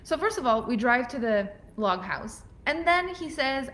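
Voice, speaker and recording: On a casual talk show, a woman host with a high, bright, expressive voice speaks unhurriedly and gushes over the top. She often acts out the lines she quotes in different voices.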